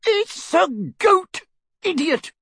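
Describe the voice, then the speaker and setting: A man reading an audiobook voices a gruff, scornful old male barman who talks bluntly and sarcastically. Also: extremely high pitch, slow, a bit bright, no room sound, studio quality, voice pushed up, full character voice. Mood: roaring defiance.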